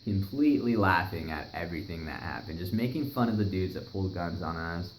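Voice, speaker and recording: A young man with a low voice tells a wild story casually and a little fast, swearing heavily and animatedly performing what people said. The room is echoey with faint noise.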